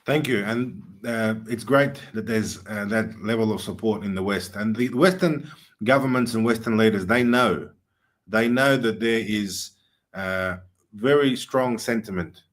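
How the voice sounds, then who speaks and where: A man hosting a political talk show, speaking earnestly with frequent filler pauses. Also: fairly low pitch. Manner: earnest, many filler uhs, rising emphasis. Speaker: host.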